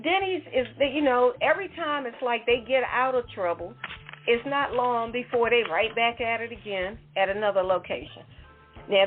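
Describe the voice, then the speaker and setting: A woman co-hosting a talk show, giving an emphatic, indignant commentary. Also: on the high side. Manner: emphatic, indignant, conversational with asides. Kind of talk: opinion commentary segment. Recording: tinny phone-line audio.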